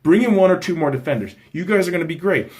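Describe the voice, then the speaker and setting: A man's voice: sits high, quick pace. Young man hosting a casual football season review, ranting with lots of swearing. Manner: profane, animated ranting. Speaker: host.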